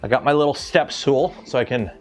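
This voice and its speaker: Working in his home workshop, a man from Canada chats casually on a maker livestream, joking, rambling, swearing now and then, and addressing his machines. He talks fairly quickly at a medium pitch, with music playing in the background.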